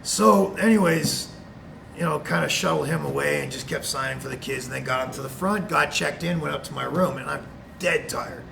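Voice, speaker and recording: Canadian guy, really gravelly, telling a story over a noisy video call. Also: fairly high pitch, brisk. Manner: animated, acts out quotes. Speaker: guest, retired wrestler. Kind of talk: anecdote storytelling.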